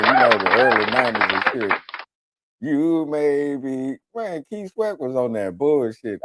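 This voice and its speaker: Brief: male radio host, lively swinging pitch, dry close-mic sound, profane comic storyteller. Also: no echo. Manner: animated storytelling, switches into voices of others. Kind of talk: profane comedic monologue.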